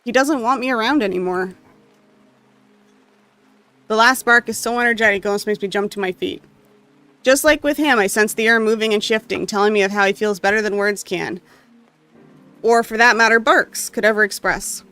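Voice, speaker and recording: A gamer reading a story game's text aloud with emotional, expressive delivery and occasional asides. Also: mid-range voice, normal speed, long pauses, clear, resonant tone, no echo, faint music behind. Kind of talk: dramatic reading of game text.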